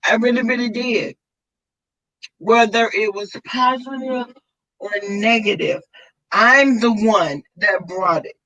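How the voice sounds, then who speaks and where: A woman speaks in a slow, heartfelt way on a livestream. She is tearful and effusive, lingering over her words. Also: on the high side, fairly bright tone, lo-fi sound. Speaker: vlogger host. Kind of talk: emotional livestream chat.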